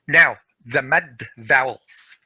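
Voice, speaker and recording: A man's voice: mid-range voice, bright, forceful tone, husky, no room sound. Middle-aged male grammar teacher, online class, dry and close mic. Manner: slow, patient, repeats examples. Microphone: video call.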